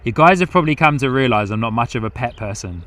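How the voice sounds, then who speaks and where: A man's voice: mid-range voice, animated, fast, a bit bright, no room sound. Chatty man commentating planes outdoors. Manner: chatty, reads out viewer comments, laughs often. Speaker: live-stream host. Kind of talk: live plane-spotting commentary. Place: outdoors at an airport.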